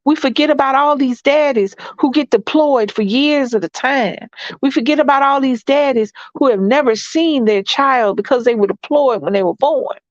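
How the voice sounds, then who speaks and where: A woman's voice: high-pitched, normal speed, no room sound. A middle-aged woman hosting a vlog, chatting casually and laughing to her viewers. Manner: lively, laughing, African American Vernacular grammar. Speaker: vlog host. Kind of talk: casual chat to camera. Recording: dull lo-fi sound, dry room.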